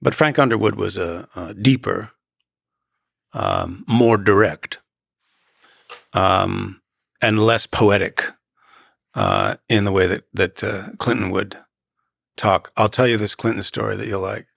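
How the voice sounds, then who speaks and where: A man's voice: fairly low pitch, slow, vocal fry, long pauses, fairly bright tone, no room sound, studio quality. A man in his sixties, a guest actor in a conversational interview, reflective and given to anecdotes.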